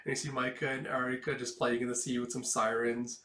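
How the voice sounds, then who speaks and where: Casual comic reviewer, male, bright tone, roomy echo, excitable. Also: medium pitch, fairly quick. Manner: excitable, laughs often. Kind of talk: casual read-along commentary.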